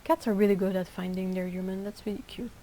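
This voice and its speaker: A woman's voice: medium pitch, fairly even intonation, fast, mellow, a little hiss or hum, poor audio. A woman hosting a casual livestream, chatting and reacting to viewers' comments with frequent laughter. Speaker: livestream host and artist.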